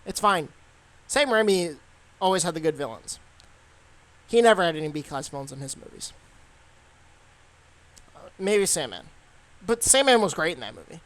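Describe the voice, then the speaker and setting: A man's voice: a little high, sing-song, moderate pace, long pauses, a bit bright. A young man giving a casual, rambling movie review, full of fillers and restarts.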